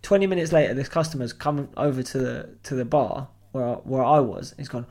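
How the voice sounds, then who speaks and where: A young man, a podcast co-host telling animated, sweary anecdotes and acting out the people in them. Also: mid-range voice, fairly quick. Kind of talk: casual storytelling chat.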